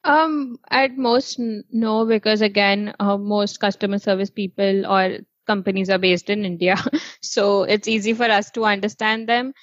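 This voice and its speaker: A woman's voice: mid-range voice, steady tone, normal speed, no echo, lo-fi sound. A woman co-hosting a casual chat, talking freely with frequent laughs and many "um"s. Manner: chatty, laughs often, many fillers.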